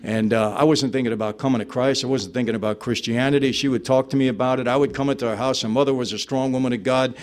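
Telling his personal testimony to a live crowd, this New York man talks fast with few pauses and fairly even intonation in a mid-range voice. He keeps it conversational, acting out dialogue and using "you know" a lot.

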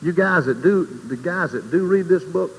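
A man giving an informal sermon in a folksy, conversational way, asking the audience questions and swinging between quiet asides and loud emphasis. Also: on the high side, expressive, normal speed. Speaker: speaker giving a Christian testimony. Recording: long hall reverb, faint background noise.

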